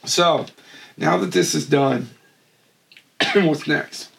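A man's voice: on the high side, very slow, creaky, a bit bright, distant mic, a little hiss or hum. A man co-hosting a podcast, chatting casually and riffing jokes. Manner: joking, riffing. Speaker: podcast co-host. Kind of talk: casual chat.

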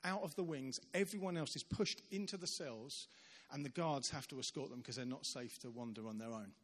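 A man giving a sermon as a visiting preacher, telling stories in an animated way and acting out the voices of the people in them. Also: medium pitch, fairly quick. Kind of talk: sermon storytelling. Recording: long reverb of a large church hall.

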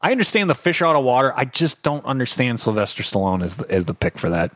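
A man's voice: medium pitch, big pitch swings, a bit bright, no room sound. A man co-hosting a casual movie-review podcast, weighing his points aloud with fillers. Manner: measured, thinks aloud with fillers. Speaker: podcast co-host.

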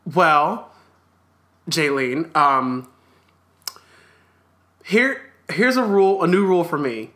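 A man's voice: fairly high pitch, lively intonation, slow pace, pauses often, fairly bright tone. A man co-hosting a casual podcast chat, candid and joking, laughing often. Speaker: podcast co-host.

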